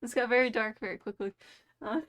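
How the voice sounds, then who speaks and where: A woman's voice: on the high side, fairly even intonation, fairly quick, fairly bright tone. Young woman streamer goofing thru a made-up story, giggly, rambly. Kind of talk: improvised storytelling on a livestream.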